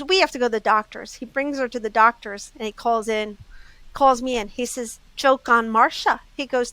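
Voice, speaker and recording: Woman with a Southern US accent, bright, crisp and close-miked, telling anecdotes on a podcast. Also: a little high, no echo, poor audio. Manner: lively anecdotes, acts out customers' quotes. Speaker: jewelry store owner, guest. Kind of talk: casual storytelling.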